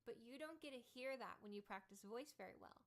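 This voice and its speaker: A woman's voice: on the high side, expressive, a little fast. A woman voice coach giving an instructional tutorial, explaining step by step and checking in with the listener.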